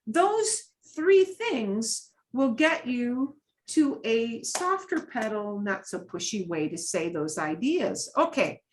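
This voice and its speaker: Female Spanish teacher, middle-aged, unhurried and patient, lots of rise and fall in her voice. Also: fairly high pitch, sing-song, a little hiss or hum. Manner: switches between Spanish and English, patient and explanatory. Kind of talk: online language lesson.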